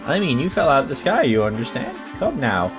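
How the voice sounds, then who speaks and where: A man's voice: medium pitch, big pitch swings, a little fast, music in the background, lightly acted. A man voicing a polite, fussy, genteel professor who speaks in courteous, old-fashioned phrases.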